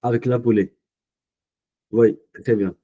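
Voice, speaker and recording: A man with an Indian English accent teaching a French class online, speaking slowly and patiently, thinking aloud and correcting himself. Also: mid-range voice, fairly even intonation, dark tone, slightly rough, highs cut off. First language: Punjabi. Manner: slow, patient, thinking aloud with many fillers; self-correcting mid-sentence.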